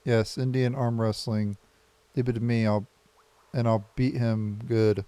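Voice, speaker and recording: A man's voice: medium pitch, little pitch movement, unhurried, warm tone, clean tone, no room sound, lightly acted. A man reading as a boastful big-sister warrior.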